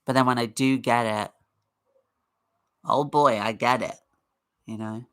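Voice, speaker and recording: A woman's voice: extremely low pitch, steady tone, a little slow, clear, resonant tone. A woman hosting a casual livestream, chatting in a rambling way and greeting viewers in the chat. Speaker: livestream host.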